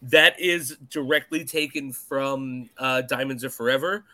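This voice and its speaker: A man's voice: mid-range voice, fairly even intonation, measured pace, pushed and bright. A man hosting a podcast who rambles casually, steering the talk with many fillers and restarts. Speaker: podcast host. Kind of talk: casual chat.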